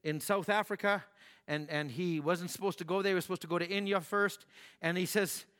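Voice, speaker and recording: A man preaching a sermon in a church hall, telling stories with animation, acting out voices and rising to shouts. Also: high voice, a little fast, smooth. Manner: animated storytelling, acts out voices, rises to shouts. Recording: long hall reverb.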